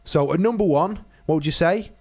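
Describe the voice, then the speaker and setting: A man with a fairly high speaking voice runs a playful quiz on a casual podcast. He teases his guests and hurries them along in a brisk, relaxed way. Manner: teasing quizmaster, brisk. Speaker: podcast host running a quiz. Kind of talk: casual chat.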